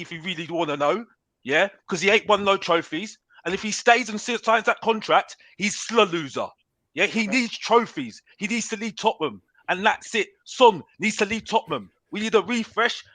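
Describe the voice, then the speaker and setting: A man's voice: sits high, brisk, sharp tone, no echo. A man ranting in a heated football debate, repeating "bruv" and talking over the others. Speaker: panelist on a football talk show.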